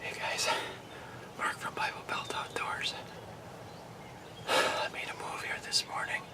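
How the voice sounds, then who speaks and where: A man hosting a hunting show, whispering excited commentary from his blind outdoors. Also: unhurried, recorded from a distance.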